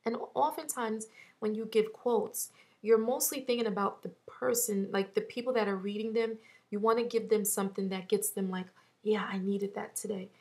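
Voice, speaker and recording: Emotional woman vlogger with gravelly voice. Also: mid-range voice, steady tone, darkish tone. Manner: tearful, halting, heartfelt. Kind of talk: emotional personal vlog.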